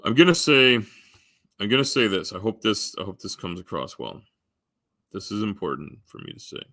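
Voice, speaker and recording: A man's voice: on the low side, very animated, normal speed, fairly bright tone, dry recording, clean studio sound. A man rambling casually to his live stream chat, full of ums, restarts and offhand swearing.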